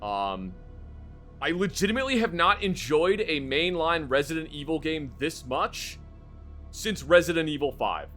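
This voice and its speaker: A man's voice: on the high side, lively intonation, moderate pace, bright, forceful tone, faint music behind. A man streaming live, rambling casually about a game he just finished, with lots of fillers and the odd curse.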